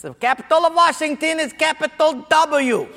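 A man voicing a brash Portuguese job seeker from Hawaii, speaking Hawaiian Pidgin with a boastful, loud swagger. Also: very high-pitched, normal speed, gravelly, background noise. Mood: triumphant. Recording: long hall reverb.

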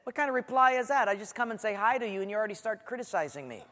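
A man voicing a touchy, easily offended man who talks quickly and indignantly, in an echoey hall. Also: high-pitched, expressive, fairly bright tone.

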